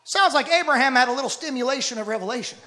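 A man preaching a sermon with fervent, rhythmic repetition that builds to shouts. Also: extremely high pitch, very fast.

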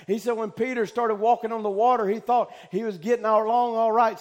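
A male preacher delivering a fervent sermon, shouting out loud cries and then dropping to hushed talk. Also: high voice, fairly even intonation, a little fast, hardly any pauses.

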